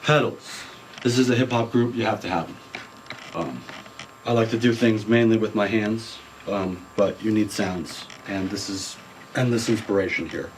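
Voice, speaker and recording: Guitarist, male, lowish voice, laid-back show-and-tell with some swearing. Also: normal speed, a little hiss or hum, rough recording. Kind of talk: casual show-and-tell about his gear.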